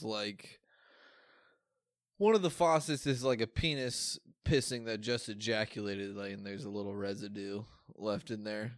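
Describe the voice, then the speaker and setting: A young man with a gravelly, fry-laden voice trades crude jokes and laughs a lot while co-hosting a casual podcast. The sound is close and dry, with no room echo. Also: lowish voice. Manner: laughing often, crude joking. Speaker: podcast co-host. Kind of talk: casual chat.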